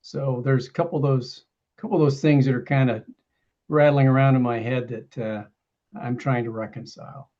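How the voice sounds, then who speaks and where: A committee member who speaks haltingly and thoughtfully as he poses a question, with restarts. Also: medium pitch, fairly even intonation, a little mellow, muffled recording. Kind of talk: meeting question.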